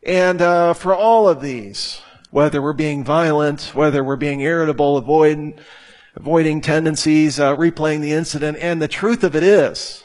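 A man preaching in a voice pitched a little above the usual. He talks in an emphatic way, stacking repeated phrases for effect. He speaks to a live congregation gathered in a church hall. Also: moderate pace, a little mellow. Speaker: pastor. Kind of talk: sermon.

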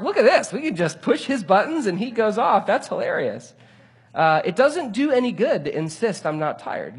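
A man preaching a sermon, telling a story with lively, animated delivery and acting out his own frustration. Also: on the high side, breathy edge. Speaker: pastor.

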